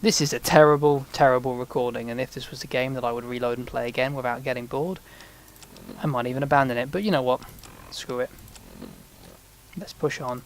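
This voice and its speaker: A man's voice: mid-range voice, steady tone, fairly quick, slight background noise. A man casually commenting on the game he is playing, rambling along with self-mocking asides. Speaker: gaming channel host. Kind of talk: casual let's-play commentary.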